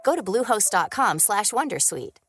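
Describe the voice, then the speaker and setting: A woman's voice: medium pitch, sing-song, moderate pace, fairly bright tone. A woman reading an advertisement in a polished, upbeat sales voice. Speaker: ad announcer. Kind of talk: read advertisement. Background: faint music.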